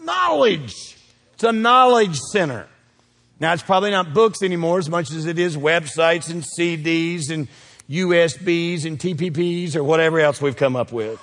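Preacher man, booming and hushed by turns. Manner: call-and-response preaching, asks the crowd to fill in words; swings between loud peaks and quiet low asides. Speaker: pastor. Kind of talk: sermon. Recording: long reverb of a church hall.

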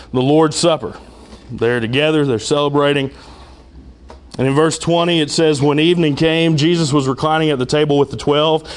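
A man preaching a sermon as pastor, conversational with humorous asides and dramatic retellings. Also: medium pitch.

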